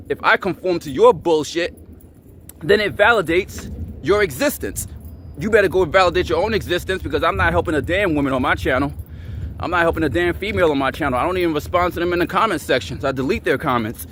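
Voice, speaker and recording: A man rants straight into his camera outdoors, with faint traffic noise behind him. His voice sits a little high for a man, and he talks in angry, profane bursts, hammering the same phrases again and again. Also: a bit bright. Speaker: channel host. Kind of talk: ranting to camera.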